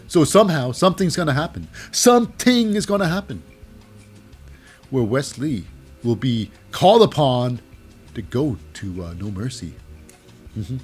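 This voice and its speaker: A man's voice: mid-range voice, darkish tone, slightly rough. A man casually recapping a wrestling show in a rambling, chatty way with many fillers.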